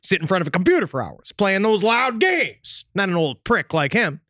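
A man's voice: high voice, sing-song, normal speed, sharp tone, no room sound, clean studio sound. A man hosting a comedy podcast, reading a raunchy comic story aloud in a playful, theatrical way. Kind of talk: comic dramatic reading of erotica.

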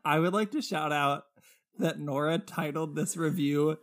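A man's voice: fairly high pitch, a little slow, soft background music. A man co-hosting a podcast in casual chat, giggly and jokey, laughing often. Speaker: podcast co-host.

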